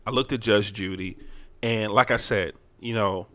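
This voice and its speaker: A man's voice: fairly low pitch, moderate pace, a bit bright, dry recording. Dry-sounding joking middle-aged man. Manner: joking, laid-back banter. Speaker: podcast co-host. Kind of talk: casual chat.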